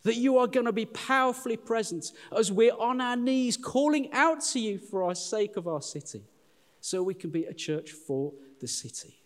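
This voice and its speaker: A middle-aged man preaching a sermon, animated and chatty, often calling listeners "folks". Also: very high-pitched, moderate pace. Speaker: pastor. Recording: long hall reverb.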